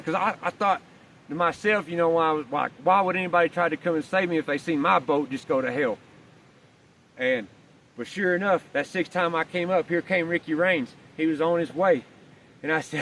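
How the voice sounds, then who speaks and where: A man's voice: a little high, normal speed, fairly bright tone. A man telling a rambling, folksy story outdoors while walking his dog, swearing casually. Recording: distant mic, faint outdoor noise.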